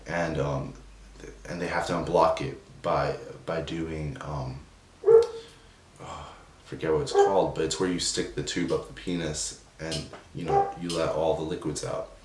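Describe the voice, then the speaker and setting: A young man telling a personal story in a subdued, emotional way, halting with many restarts and fillers. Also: very deep voice, fairly even intonation, darkish tone. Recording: roomy echo, distant from the mic, faint noise.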